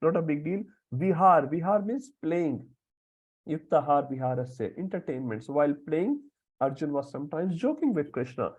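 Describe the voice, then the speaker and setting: Man, slightly high-pitched teacher, explains verses word by word, acts out story dialogue. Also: expressive, moderate pace, darkish tone, husky, low-quality recording. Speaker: scripture class teacher. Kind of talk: lecture on scripture with storytelling.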